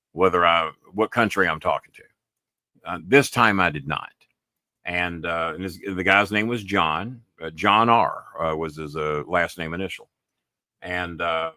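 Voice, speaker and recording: A man's voice: sits low, sharp tone, no room sound, studio quality. A man hosting his own podcast, retelling a phone call in a rambling way with lots of "I said" asides and frequent swearing. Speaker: podcast host. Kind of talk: casual storytelling monologue.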